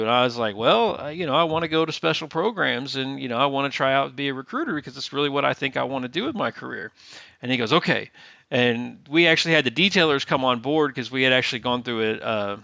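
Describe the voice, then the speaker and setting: Lively storytelling man, dull lo-fi audio. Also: mid-range voice, creaky, dry recording. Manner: lively storyteller who acts out quoted dialogue. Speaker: guest, Navy veteran. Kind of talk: casual storytelling interview.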